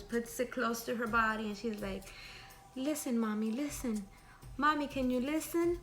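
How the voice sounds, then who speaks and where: Bright-voiced woman telling a scary story. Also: medium pitch. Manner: chatty, lively, asks rhetorical questions.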